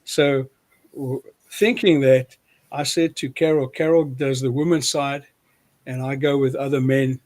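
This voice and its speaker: A man's voice: mid-range voice, steady tone, measured pace, a little mellow. A man with a South African accent, a preacher chatting casually as an interview guest, self-deprecating and often restarting his sentences.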